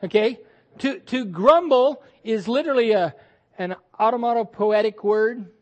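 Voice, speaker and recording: A man's voice: high-pitched, normal speed, darkish tone, muffled recording. A male pastor preaching a sermon with emphatic delivery, repeating words and acting out quoted voices.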